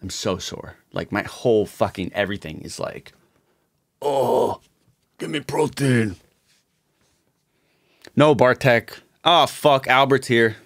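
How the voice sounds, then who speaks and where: Mumbling man, casual and gravelly. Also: medium pitch, lively intonation, moderate pace, hardly any pauses, a bit bright, dry recording, clean studio sound. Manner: muttering to himself, swearing, self-mocking. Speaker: music producer streaming a session. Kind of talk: casual livestream chat while producing. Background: music from the session.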